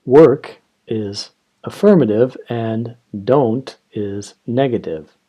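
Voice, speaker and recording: A man's voice: mid-range voice, muffled recording. A man teaching English grammar, explaining carefully and reading example sentences aloud. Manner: slow, explanatory, reads example dialogues aloud. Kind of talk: grammar lesson.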